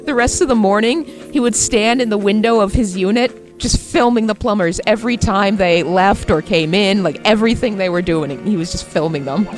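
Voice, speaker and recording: A woman's voice: medium pitch, moderate pace, hardly any pauses, soft background music. A woman hosting a gaming video, chatting casually and animatedly while she plays, laughing often as she tells a story. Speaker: gaming channel host. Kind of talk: casual chat while playing a game.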